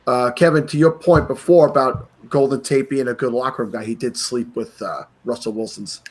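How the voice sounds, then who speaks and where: A man's voice: mid-range voice, fairly even intonation, moderate pace. Opinionated male podcast host. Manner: opinionated, emphatic. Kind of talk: casual sports chat. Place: New York.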